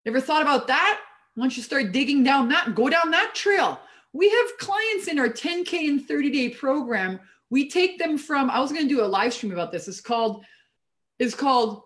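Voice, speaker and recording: Middle-aged female business coach, Canadian-raised, emphatic and profane, live from a home office, slightly high voice. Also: animated, a little fast. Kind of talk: live-streamed motivational talk.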